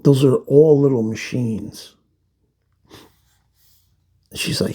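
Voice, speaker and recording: A man's voice: fairly low pitch, expressive, takes it slowly, creaky, warm tone, breathy edge. A man reviewing a comic book in a loose, rambling way, full of fillers and restarts. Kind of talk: casual comic walkthrough.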